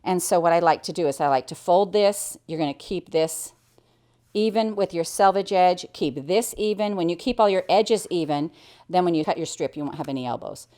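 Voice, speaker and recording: A woman's voice: fairly low pitch, normal speed, warm tone. A middle-aged American woman teaching quilting, chatting cheerfully as she explains each step while she cuts and sews. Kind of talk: hands-on sewing tutorial.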